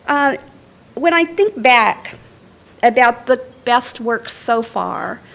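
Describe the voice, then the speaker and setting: A woman's voice: on the high side, lively intonation, slow pace, gravelly, a bit bright. A middle-aged woman giving a lecture as a library director, telling stories in a conversational way with fillers and restarts. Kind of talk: academic lecture with personal stories. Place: lecture hall.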